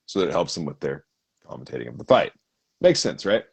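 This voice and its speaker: A man's voice: deep voice, sing-song, brisk, vocal fry, breathy edge. A man co-hosting a casual podcast, telling a story in a rambling, profane way. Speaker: podcast co-host. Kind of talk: casual chat.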